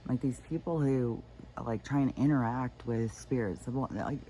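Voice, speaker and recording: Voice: medium pitch, unhurried, warm tone, a little hiss or hum. A spiritual vlogger retelling a story in a casual, rambling monologue, full of fillers and restarts.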